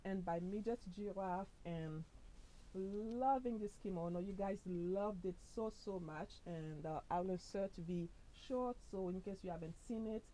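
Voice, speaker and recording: A woman hosting a casual fashion try-on vlog, chatty and upbeat, pushing her usually soft voice louder and recorded on the camera mic because her lapel mic is missing. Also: medium pitch, a little slow, a little hiss or hum, low-quality recording. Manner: chatty and upbeat, full of fillers and "sis". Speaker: fashion vlogger.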